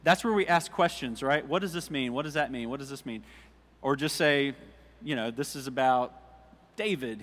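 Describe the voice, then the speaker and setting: A male pastor giving a relaxed, conversational sermon, reading scripture aloud and putting questions to his congregation. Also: a little high, in a large hall. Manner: informal, asks the congregation questions, jokes.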